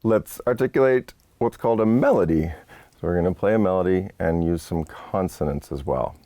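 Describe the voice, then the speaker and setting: Deep gravelly guy explaining horn articulation, dark dry sound. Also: a little fast, no echo. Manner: patient, explanatory, casual asides. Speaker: horn teacher. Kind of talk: instructional lesson. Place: studio set.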